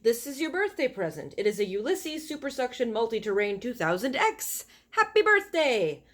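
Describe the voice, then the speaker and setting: A woman voicing an eager, cheerful husband who proudly gives his wife a vacuum cleaner, read aloud from a storybook. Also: moderate pace. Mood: excited. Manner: excited sales-pitch delivery.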